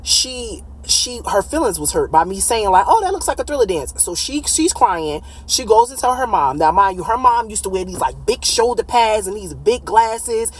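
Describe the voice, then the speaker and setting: A woman in her late thirties telling a personal story in a casual, blunt, animated way, swearing freely. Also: medium pitch, normal speed, few pauses, breathy edge, poor audio. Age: late 30s.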